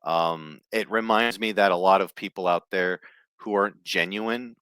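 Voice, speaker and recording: A man's voice: deep voice, normal speed, a bit bright, smooth, no echo. Profane, blunt man ranting solo. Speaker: host. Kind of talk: casual ranting commentary.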